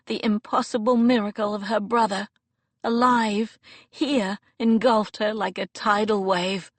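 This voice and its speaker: A woman narrating an audiobook in an expressive, dramatic reading. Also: medium pitch, measured pace, no room sound. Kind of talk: scripted narration. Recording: dry close studio recording.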